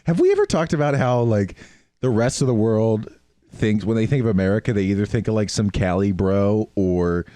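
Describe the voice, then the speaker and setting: A man co-hosting a casual podcast, telling lively stories and slipping into loud mock voices. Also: lowish voice, moderate pace, no room sound. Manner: animated storyteller, jumps into loud mock voices. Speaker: podcast co-host. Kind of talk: casual chat.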